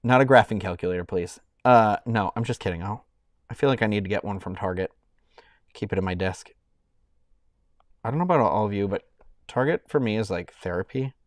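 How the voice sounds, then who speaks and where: A man's voice: lowish voice, brisk, long pauses, dry recording, clean studio sound. A man in his thirties chatting casually on a live stream, rambling and often breaking off mid-sentence as he thanks viewers. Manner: rambling, self-interrupting, thanking donors warmly.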